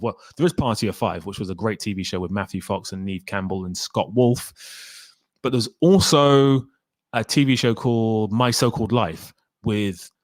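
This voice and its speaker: A man's voice: on the low side, no room sound, studio quality. A man hosting a casual live stream about films, rambling and talking straight to his chat viewers by name. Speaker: film talk live stream host.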